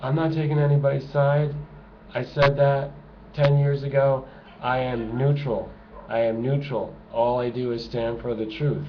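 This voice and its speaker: In a noisy, dull lo-fi home recording, a man who makes video blogs delivers a sarcastic rant straight to camera. His mid-range voice stays steady and a bit slow as he emphatically repeats his points for effect.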